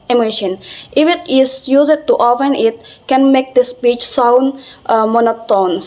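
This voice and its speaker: A woman's voice: sits high, darkish tone, rough recording. A young woman giving a class presentation, reading carefully from notes with small restarts and fillers. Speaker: student presenter.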